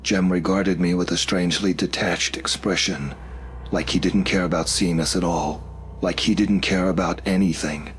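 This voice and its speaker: A man narrating a first-person horror story in a steady, measured way. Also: low-pitched, a little hiss or hum.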